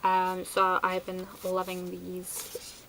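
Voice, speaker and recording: A woman's voice: lowish voice, completely flat delivery, slow, vocal fry, a bit bright, slight background noise, low-quality recording. A woman chatting casually through a product review, enthusiastic and sprinkled with fillers. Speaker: beauty vlogger.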